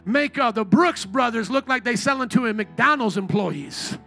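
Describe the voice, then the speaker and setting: A man preaching a sermon to a congregation, telling stories with joking asides, calling for responses and shouting at the peaks of praise. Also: very high-pitched, lively intonation, moderate pace. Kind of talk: sermon with storytelling. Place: church before a congregation.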